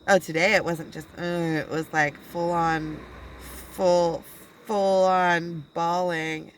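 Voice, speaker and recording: Rambling low-voiced woman talking to camera. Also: fairly even intonation, a little hiss or hum, low-quality recording. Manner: rambling, halting, with many restarts and quoted dialogue. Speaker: spiritual channeler and video blogger. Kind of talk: casual personal monologue.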